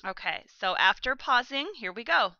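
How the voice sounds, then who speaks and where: A woman teaching a vocabulary lesson, pronouncing each word slowly and carefully and giving plain instructions to her students. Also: a little high, lively intonation, bright, forceful tone, no room sound, muffled recording. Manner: slow, careful pronunciation of vocabulary. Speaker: language teacher.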